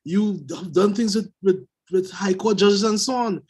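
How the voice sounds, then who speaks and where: Husky guy giving speech feedback over a video call, pretty high voice, hammers his points home. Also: a little slow, darkish tone. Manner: emphatic, repeats key advice. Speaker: speech evaluator.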